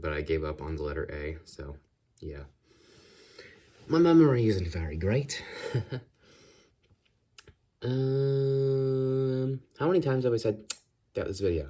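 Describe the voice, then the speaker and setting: Rambling American man, low voice. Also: a little mellow. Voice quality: vocal fry at times. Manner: rambling, jumps between put-on accents and voices. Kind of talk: rambling casual ASMR monologue, trying accents.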